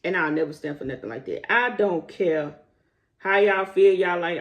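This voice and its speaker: Animated man ranting straight to viewers. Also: sits high, normal speed. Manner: animated, rising to indignant emphasis; talks straight to viewers as y'all. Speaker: commentary vlogger. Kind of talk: casual opinion vlog.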